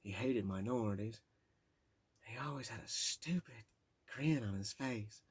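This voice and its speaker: A man's voice: medium pitch, a little slow, slightly rough. A man reading his own memoir aloud, raw and profane, stumbling and stopping when memories overwhelm him.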